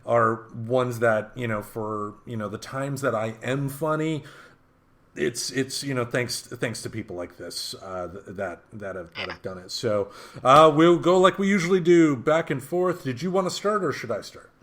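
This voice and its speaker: A man's voice: mid-range voice, lively intonation, a bit bright. A man co-hosting a casual podcast chat, often restarting his sentences and laughing easily. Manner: halting, full of ums and restarts, laughs easily. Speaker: podcast co-host.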